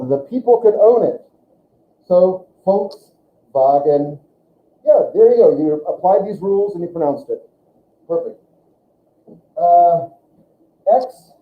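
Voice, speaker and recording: A man's voice: high-pitched, slight background noise. A man teaching a German class, chatty and searching for words as he demonstrates pronunciation. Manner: chatty, searching for words, repeats sounds for students. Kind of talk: classroom lesson. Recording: echoey classroom, tinny and lo-fi.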